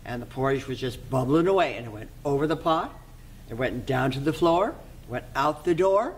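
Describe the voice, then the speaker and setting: A library volunteer telling a fairy tale aloud in an expressive way, sometimes dropping to a soft whisper. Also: mid-range voice, normal speed, low-quality recording.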